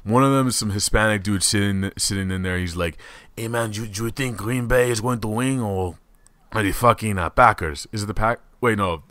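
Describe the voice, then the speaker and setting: A man hosting a comedy podcast, chatting casually in an animated, swearing, rambling way. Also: on the low side, brisk, dry recording. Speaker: podcast host.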